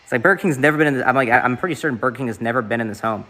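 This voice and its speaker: A man's voice: medium pitch, rapid-fire, bright, forceful tone. A young man from the Southeast US, streaming and chatting casually in a rambling way, with lots of fillers and swearing.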